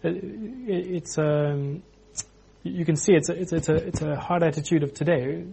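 A man preaching an informal sermon, animated, acting out quotes with frequent restarts. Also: a little high, moderate pace, gravelly, breathy edge.

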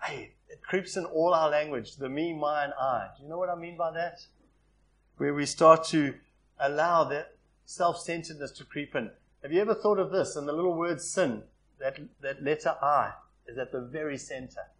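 A male preacher giving a sermon to his congregation, swinging between loud emphatic passages and quiet, soft asides. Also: fairly high pitch, moderate pace.

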